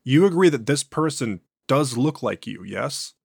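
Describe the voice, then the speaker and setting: A man's voice: medium pitch, expressive, measured pace, vocal fry, husky, no echo, clean studio sound, exaggerated voice. A man voicing a male interrogator who reasons earnestly with his subject. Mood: patient. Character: patient male interrogator losing his nerve.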